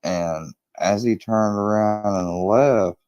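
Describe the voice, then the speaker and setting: A man's voice: lowish voice, slow pace, darkish tone, smooth, no echo, highs cut off. A man telling a crime story in a casual, rambling way, swearing often and acting out quoted lines in a raised voice.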